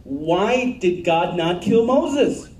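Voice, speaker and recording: Blunt, emphatic preacher in an echoey church. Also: male voice, sits high, expressive, extremely slow, a little mellow, recorded from a distance. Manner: blunt, emphatic preaching with asked-for audience answers. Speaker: pastor. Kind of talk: sermon.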